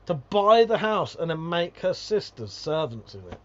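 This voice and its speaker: A man's voice: fairly high pitch, very animated, unhurried, few pauses, lo-fi sound. A British man hosting a casual livestream, reading viewer comments aloud and ranting with lots of swearing and laughter. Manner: profane, ranting, laughs often.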